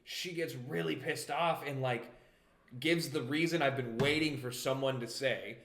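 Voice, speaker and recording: A man's voice: mid-range voice, a little slow, a bit bright, roomy sound. A young man co-hosting a podcast, talking casually and loosely about a TV show with frequent restarts. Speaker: podcast co-host. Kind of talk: casual chat reviewing a TV show.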